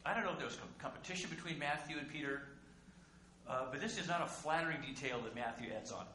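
A male pastor preaching a conversational sermon, full of rhetorical questions and sudden drops to a hush. His voice is bright and forceful at a middle pitch. It rings through an echoey church with a faint hum underneath. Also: fast. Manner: conversational, with rhetorical questions and dramatic swings in loudness. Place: church sanctuary.

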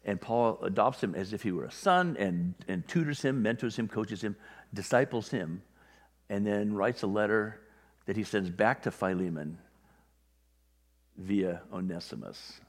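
A man's voice: on the low side, a little slow. A man preaching a sermon in a conversational way, briefly acting out the voices of people he describes. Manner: conversational, acts out little quoted voices. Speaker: pastor. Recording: long hall reverb.

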